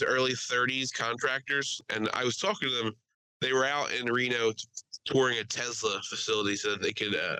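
A man co-hosting a podcast, telling a story in casual chat, animated and profane, laughing often and acting out what others said. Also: mid-range voice, clean tone, dry recording, rough recording. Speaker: podcast co-host. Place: podcast studio.

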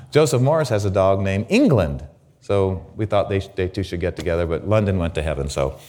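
A middle-aged man preaching as a guest pastor, repeating words and acting out shouts of praise. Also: deep voice, expressive, moderate pace. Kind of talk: sermon.

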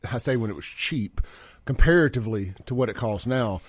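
A man's voice: medium pitch, fairly quick, breathy edge, dry recording. Blunt radio host man. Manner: blunt, animated storyteller. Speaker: radio talk show host. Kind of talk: casual radio talk. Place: radio studio.

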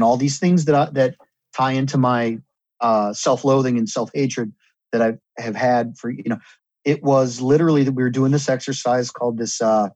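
Husky man, earnest and rambling. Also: mid-range voice, darkish tone, no echo, poor audio. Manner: earnest, rambling, repeats and restarts. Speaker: guest. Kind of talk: candid conversation about recovery.

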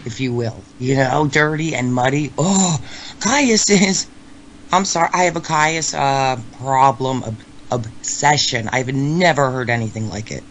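A man co-hosting a podcast, talking casually about music in an animated, joking way, often trailing off mid-sentence. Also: medium pitch, measured pace, slight background noise. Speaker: podcast co-host.

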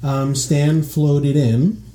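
A man's voice: on the high side, little pitch movement, drawn-out words, warm tone. A man hosting a relationship podcast, joking and bantering playfully with his co-host. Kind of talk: casual chat.

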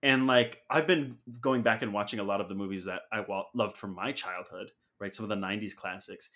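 A man's voice: lowish voice, steady tone, brisk, pushed and bright. A man co-hosting a podcast, making opinionated points in casual movie chat and leaning on "like" as he builds them. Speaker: podcast co-host.

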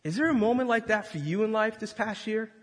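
A male pastor preaching a sermon, full of animated storytelling and acted-out voices. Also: high-pitched, fairly quick, husky. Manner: animated, jokey, acts out voices. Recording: long reverb of a large hall.

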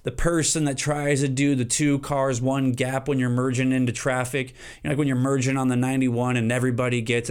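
A man hosting a solo podcast, ranting comically and jumping into high silly voices for his examples. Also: little pitch movement, brisk, a little mellow, clear, resonant tone. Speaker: podcast host. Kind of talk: solo comedic podcast rant.

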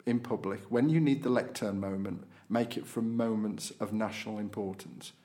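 A man's voice: fairly low pitch, normal speed, dark tone. A man hosting a podcast, chatting casually through local and political news with frequent fillers. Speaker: podcast host.

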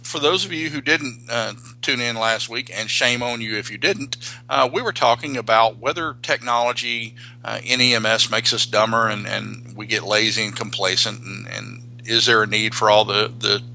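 A man's voice: fairly low pitch, normal speed, creaky, bright, forceful tone, low-quality recording. A man co-hosting a casual podcast chat, rambling with many restarts and fillers. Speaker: podcast co-host.

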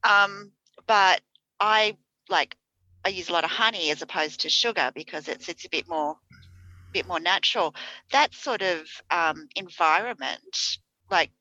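Bright-voiced woman telling animated stories. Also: on the low side, a little slow, dry recording, highs cut off. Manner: animated storytelling, acts out quoted lines. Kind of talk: casual chat.

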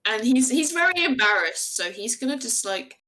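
A giggly woman narrating her character's clumsy moves at a tabletop game, often laughing at herself. Her voice sits somewhat high. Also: big pitch swings, normal speed, bright, forceful tone. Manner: giggly, self-deprecating. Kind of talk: casual tabletop role-play.

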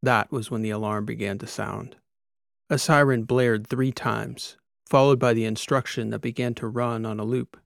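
A man reading a science fiction story aloud. His delivery is steady and measured, with a gravelly texture. The sound is dry and close to the mic. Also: medium pitch, no room sound. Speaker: audiobook narrator. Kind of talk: scripted narration.

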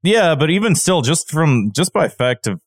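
A man co-hosting a podcast, telling stories in a rambling, halting casual chat. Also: fairly high pitch, very animated, no echo, clean studio sound. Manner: rambling storyteller with halting restarts. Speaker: podcast co-host.

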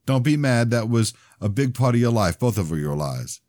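A man's voice: mid-range voice, moderate pace, no room sound, studio quality, voice pushed up, lightly acted. A man reading a firm, caring aunt. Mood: gentle. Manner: firm, calm, coaxing. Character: firm but caring middle-aged aunt.

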